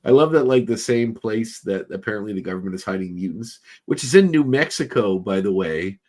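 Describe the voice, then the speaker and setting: A man's voice: fairly low pitch, lively intonation, fairly quick, a little mellow. A man co-hosting a podcast in casual chat, rambling and leaning on filler words. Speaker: podcast co-host.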